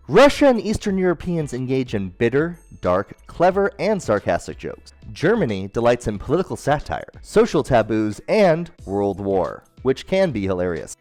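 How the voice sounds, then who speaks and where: Man with a lively, jumpy comic voice. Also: medium pitch. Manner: deadpan jokey delivery with sudden character voices. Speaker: comedy host. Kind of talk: scripted comedic narration.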